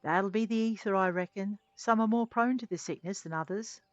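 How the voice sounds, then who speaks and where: A woman voicing a friendly older male cart driver in a game, trying a rough Scottish-flavoured burr as she reads his lines. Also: mid-range voice, animated, brisk, no room sound, dull audio, soft background music, natural voice. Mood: reassuring. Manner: folksy, reassuring, a rough attempt at a Scottish burr.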